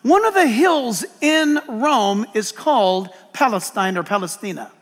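A man, a pastor, preaching a sermon in an animated, joking way that bursts into shouts. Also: high-pitched, measured pace. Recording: long hall reverb.

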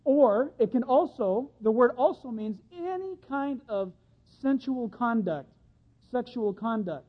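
A man preaching a sermon in a folksy, animated way, acting out little voices of the people in his stories. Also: very high-pitched, a little slow. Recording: dull lo-fi sound.

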